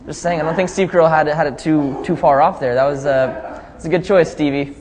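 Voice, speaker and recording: A man's voice: on the high side, fast talker, a little mellow. A young man, a pop singer, chatting easily in a casual live video chat. He reads out fan questions and laughs often as he answers them. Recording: faint noise, long reverb.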